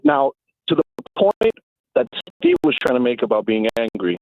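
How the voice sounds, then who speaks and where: A man's voice: mid-range voice, wildly swooping pitch, moderate pace, creaky, darkish tone, dry recording. Guy calling into sports radio over the phone, mid voice that moves around a lot, reflective. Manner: reflective, conversational storytelling. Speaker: caller. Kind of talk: radio call-in. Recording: phone line.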